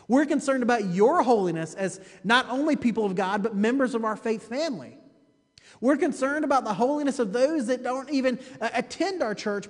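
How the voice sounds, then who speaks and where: A man's voice: high-pitched, in a large hall. A man preaching a sermon as pastor, emphatic and repeating his phrases for weight, often turning to the listeners with a rhetorical "you see.".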